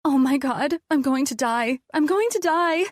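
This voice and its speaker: A woman voicing a panicked, confused young woman patient in an audiobook, pleading in a shrill, frantic way. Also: normal speed, dry recording, studio quality, close to an everyday voice. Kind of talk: audiobook character voice.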